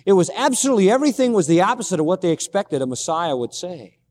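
A man's voice: high voice, big pitch swings, fast, a little mellow, long reverb tail. A man preaching a sermon emphatically, repeating key phrases and asking rhetorical questions.

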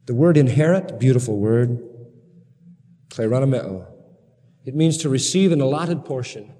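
A man preaching a sermon to a congregation, emphatic and building to excited peaks. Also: mid-range voice, normal speed, big-room sound. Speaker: pastor.

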